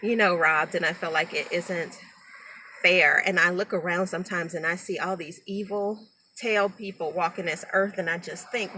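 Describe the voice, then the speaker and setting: A middle-aged woman speaks into her phone on a live stream, rambling and emotional as she talks straight to her viewers. Her voice is bright and forward, with a faint hiss behind it. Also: fairly low pitch, normal speed. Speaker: natural hair vlogger.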